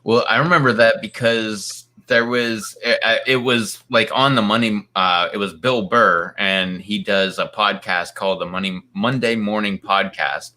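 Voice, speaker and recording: A man's voice: lowish voice, fairly even intonation, unhurried, hardly any pauses, bright, forceful tone. A man in casual chat, retelling a long story in a rambling way, full of fillers and quoted voices. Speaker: co-host.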